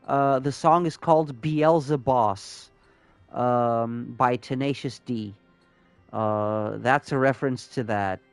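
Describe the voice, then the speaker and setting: Slow-talking male game streamer. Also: mid-range voice, clear, resonant tone, dry recording, soft background music. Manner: chatty and rambling, reacts to chat, swears freely. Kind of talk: casual live-stream gameplay commentary.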